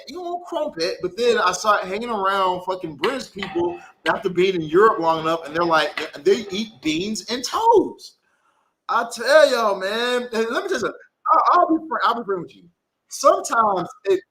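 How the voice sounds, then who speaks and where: Bright, lively-voiced man doing a tarot livestream. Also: high-pitched, a little hiss or hum, low-quality recording. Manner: rambling, profane, reads viewer comments aloud. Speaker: tarot reader hosting a livestream. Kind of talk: casual livestream chat.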